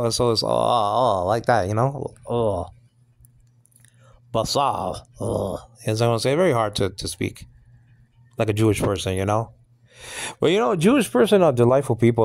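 A man's voice: medium pitch, darkish tone, dry recording. Rambling middle-aged man teaching Bible. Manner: rambling, repeats himself, many fillers and asides. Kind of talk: casual Bible study lesson.

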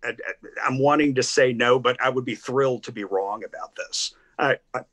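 Older southern guy from tennessee, chatty, keeps restarting, mid pitch. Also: brisk, a bit bright. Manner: chatty storyteller, many restarts and laughs. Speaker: guest critic. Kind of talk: casual video-call interview.

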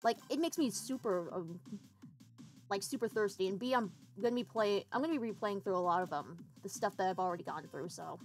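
A woman with a mid-range voice livestreams a game, talking briskly and casually with her viewers as she sets it up and plays. She swears in an offhand way, with faint music in the background.

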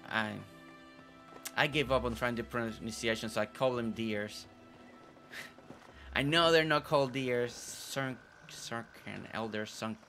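Chatty man with a bright voice. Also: mid-range voice. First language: not English. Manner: chatty, repeats words, stumbles over names. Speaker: gameplay video host. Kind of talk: casual gameplay commentary.

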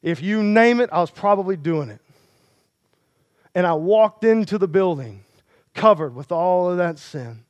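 A male pastor with a high voice preaches with impassioned force. The sound is dry and close, with no room echo around him. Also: expressive, measured pace, long pauses, dull audio. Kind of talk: sermon.

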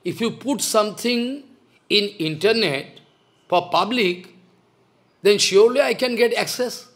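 A man's voice: high voice, a little slow, a bit bright. Impassioned older man scolding in a lecture. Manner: impassioned, scolding, repeats rhetorical questions. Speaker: spiritual teacher. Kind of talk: devotional lecture.

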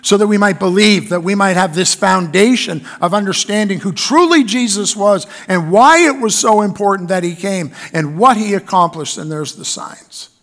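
A man's voice: high-pitched, moderate pace, hardly any pauses, fairly bright tone. A man preaching a sermon in church, reading scripture aloud and building emphasis on key lines. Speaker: pastor.

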